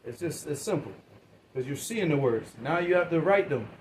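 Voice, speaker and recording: In a low-quality recording with a faint hum of room noise, a male teacher questions his students and waits for their replies. His voice is a bit higher than typical for a man, lively in intonation, at normal speed, and he talks casually, repeating and restarting words.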